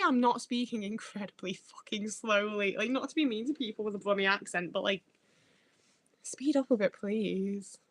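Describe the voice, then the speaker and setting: A young northern English woman reads out livestream comments, chatting bluntly and cursing freely. Her mid-range voice is a bit bright, recorded without echo.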